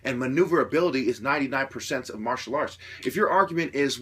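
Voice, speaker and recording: Husky, bright-voiced man lecturing hard. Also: lively intonation, fast, hardly any pauses. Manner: lecturing, repetitive rhetorical questions, swears; grows louder and higher when worked up. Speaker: self-styled martial artist ranting to camera. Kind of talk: opinionated monologue.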